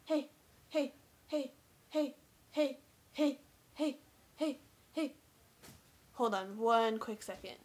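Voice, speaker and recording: A woman's voice: high-pitched, takes it slowly, long pauses, darkish tone. Giggly young woman with a twang. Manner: giggly, playful, teasing. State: out of breath. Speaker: vlogger. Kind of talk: casual chat. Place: bedroom.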